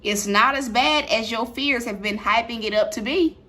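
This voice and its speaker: A woman's voice: a little high, moderate pace, sharp tone. A woman preaching to her livestream viewers from home, repeating her points with emphasis. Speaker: online preacher. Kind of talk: livestreamed sermon. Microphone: livestream mic.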